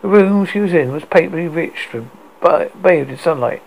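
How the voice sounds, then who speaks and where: Guy reading a story out loud, raspy gravelly voice, kinda high, trips over words. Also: lively intonation, moderate pace, rough recording. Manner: stumbling, frequent restarts.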